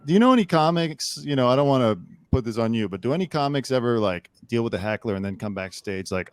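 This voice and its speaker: A man's voice: medium pitch, expressive, fast talker, few pauses, smooth, no room sound. A man hosting a casual interview, asking eager, bouncy questions. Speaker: podcast host.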